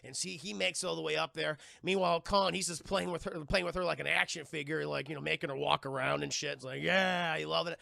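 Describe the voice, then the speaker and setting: A man live-streaming a casual, profane scene-by-scene film retelling, animated and slipping into quick voices for the characters. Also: on the high side, vocal fry, no echo.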